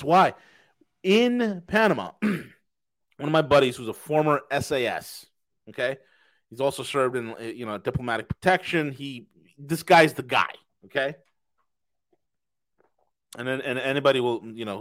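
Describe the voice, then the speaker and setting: A man's voice: medium pitch, a bit bright. A man from the United States co-hosting a podcast, giving blunt, emphatic political commentary and repeating his key phrases for effect. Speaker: podcast co-host.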